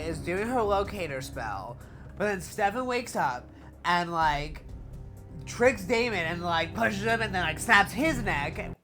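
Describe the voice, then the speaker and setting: Young woman, lowish voice, rapid slangy TV recap full of "like" and cursing. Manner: rapid, slangy, swears freely, filler "like". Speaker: TV recap vlogger. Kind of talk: casual TV episode recap.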